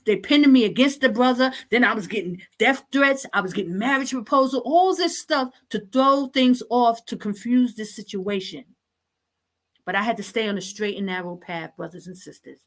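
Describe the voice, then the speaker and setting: A woman with a fairly high-pitched voice hosts an online talk show, scolding her listeners with impassioned exasperation and repeating herself.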